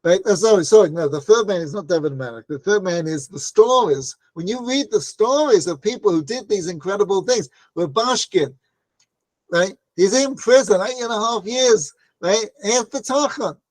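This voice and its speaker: Speaking at a normal speed, a man with a high, animated voice leads a Torah class in a dry recording with no echo. His storytelling is conversational, full of "right?" asides, and he performs quoted voices.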